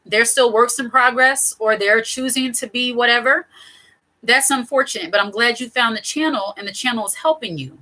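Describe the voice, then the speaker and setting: A woman's voice: on the high side, moderate pace, pushed and bright, low-quality recording. A middle-aged woman hosting her own channel, giving casual advice straight to camera in a chatty, digressive way with frequent laughs. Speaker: channel host.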